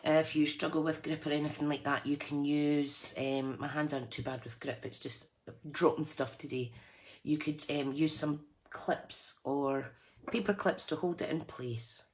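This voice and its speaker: Chatty low-voiced woman crafting. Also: steady tone, normal speed. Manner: chatty, self-deprecating, laughs often. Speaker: craft channel host. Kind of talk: live crafting tutorial chat.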